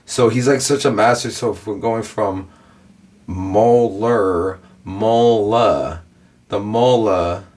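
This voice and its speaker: Young dude going off about a rapper's wordplay, kinda low voice, lots of like and bro. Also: male voice, normal speed, few pauses. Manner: rambling, repeats himself, says "bro" and "like" a lot. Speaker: reaction channel host. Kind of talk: casual reaction commentary.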